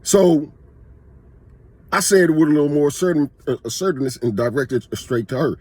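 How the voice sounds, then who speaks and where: A man's voice: a little high, animated, moderate pace, darkish tone, husky, dry recording. A man vlogging, telling a personal story in a casual, conversational way that is emphatic and full of restarts.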